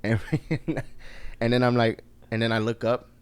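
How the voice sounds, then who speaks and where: A man's voice: mid-range voice, level tone, measured pace, darkish tone, slight background noise. A man in his thirties, from Texas, co-hosting a podcast in casual, slangy chat, telling stories loosely and swearing freely. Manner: laid-back slangy storytelling, swears freely. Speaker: podcast co-host.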